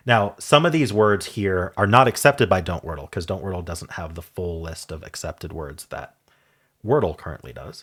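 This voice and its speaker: Husky-voiced man explaining puzzle stats. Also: lowish voice, fairly bright tone. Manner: curious, chatty, with ums and self-corrections. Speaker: puzzle video creator. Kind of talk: casual explainer talk over screen.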